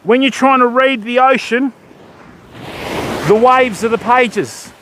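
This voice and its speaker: High-voiced older Australian fishing host. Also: male voice, slow, noisy background. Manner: chatty, greets viewers by name, calls them mate and bud. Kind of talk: casual live-stream chat while fishing. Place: beach by the surf, outdoors.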